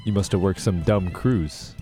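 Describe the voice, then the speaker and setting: A man's voice: low voice, moderate pace, warm tone, faint music behind, voice pushed down, lightly acted. A man reading the part of a hardened male career criminal in an amateur script read, clipped and defiant.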